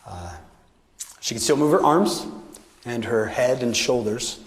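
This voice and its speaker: A man giving a motivational talk to a live audience. He tells a story with animated acted quotes and drops to a hushed near-whisper at tense moments. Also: medium pitch, unhurried. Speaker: speaker telling stories to an audience. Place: large hall with a high ceiling. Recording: live hall with long reverb.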